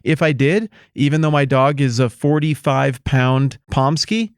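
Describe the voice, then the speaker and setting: A man's voice: mid-range voice, unhurried, clear, resonant tone, no room sound, studio quality. A man co-hosting a podcast, riffing through playful, exaggerated hypotheticals in casual chat. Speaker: podcast co-host.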